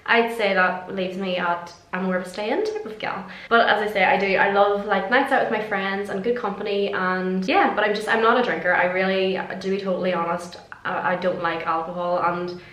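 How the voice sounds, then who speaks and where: A woman's voice: mid-range voice, fairly even intonation, normal speed, few pauses, a bit bright. A young woman in her twenties, chatting casually through viewer questions in a rambling, laughing way, swearing now and then. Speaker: vlogger. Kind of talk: casual chat answering questions. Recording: roomy echo.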